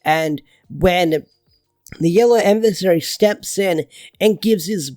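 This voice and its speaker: A man giving a casual, excitable comic book review, gushing and rambling loosely. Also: high-pitched, slow, no echo, faint music behind.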